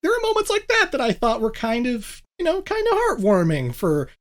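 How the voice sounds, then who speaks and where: Woman co-host, casual chat, lively and animated, laughs through her retellings. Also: on the high side, normal speed. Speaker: podcast co-host.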